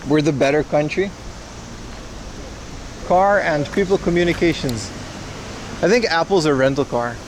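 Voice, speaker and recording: A man's voice: fairly high pitch, measured pace, long pauses, background noise. A young man hosting a livestream, chatting casually and jokingly with viewers while walking outdoors through town streets. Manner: joking, wry, rambling. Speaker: livestream host. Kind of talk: casual chat with stream viewers.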